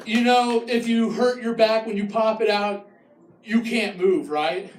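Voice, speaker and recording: A man performing a stand-up comedy set, telling an animated story with groans and acted voices. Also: high voice, normal speed. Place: comedy club stage. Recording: echoey room, voice from far off.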